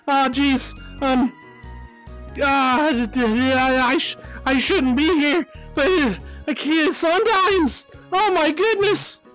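A man voicing an excitable young male monster kid in a social VR game, gushing and stammering with excitement. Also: very high-pitched, low-quality recording. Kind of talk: voice chat role-play in a social VR game.

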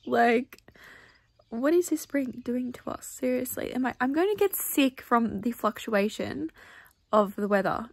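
Young woman, book vlogger, loose candid chat, slightly higher pitch. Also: expressive, measured pace, vocal fry. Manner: chatty, candid, peppered with "like" and "I don't know". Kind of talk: casual reading vlog chat.

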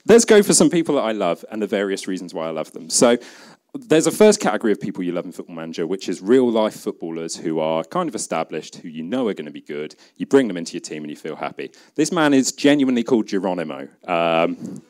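Speaking quickly and very animatedly, a British conference speaker delivers a jokey, chatty talk in which he performs bits of imagined dialogue. His voice is on the low side with a darkish tone.

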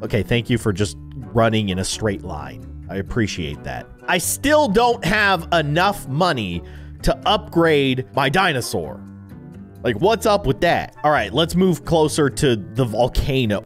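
Animated young man doing game commentary. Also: mid-range voice, measured pace, over music. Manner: playful, jumps between loud excitement and mumbled asides. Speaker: gaming YouTuber. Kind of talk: let's play commentary.

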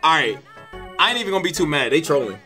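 A young man commentates his baseball video game in a loose, excitable way, swearing and trash-talking his players. His voice is bright and swings widely in pitch. Light game music plays underneath. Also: fast. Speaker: gaming YouTuber. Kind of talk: casual gameplay commentary.

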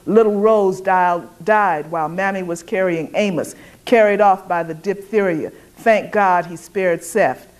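A woman's voice: mid-range voice, measured pace, hardly any pauses, lightly acted. A woman voicing a fierce, defiant young enslaved woman who taunts and grieves in dialect. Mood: grieving.

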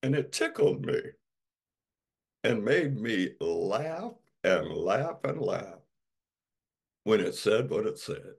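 A male pastor delivering a sermon, slow and emphatic, leaning on dramatic repetition. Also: on the low side, sing-song, creaky, a little mellow, husky.

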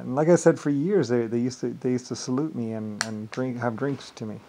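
A man's voice: mid-range voice, moderate pace, poor audio. Grandiose, rambling man talking solo. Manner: meandering, repeats "like I said", swings between loud and quiet; grandiose, self-assured. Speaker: vlogger.

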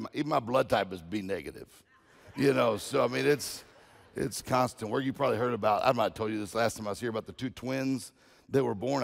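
A man's voice: medium pitch, gravelly, big-room sound. A man preaching as a guest speaker, telling folksy humorous stories and often repeating words. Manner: storytelling, folksy, repeats himself.

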